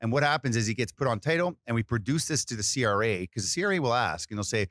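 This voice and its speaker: A man's voice: mid-range voice, expressive, fast, few pauses, fairly bright tone, no room sound, clean studio sound. A man hosting a podcast in a casual, chatty way, full of fillers and restarts. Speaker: podcast host.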